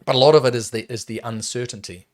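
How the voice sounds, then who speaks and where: A man, talking as a guest in a casual podcast interview, emphatic and animated with frequent restarts. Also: mid-range voice, quick pace. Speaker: property developer guest.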